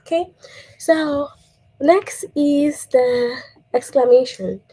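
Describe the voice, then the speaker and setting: A woman's voice: sits high, takes it slowly, warm tone, rough recording. A woman teacher giving a patient grammar lesson to young children, checking in with "okay?" and reading example sentences aloud.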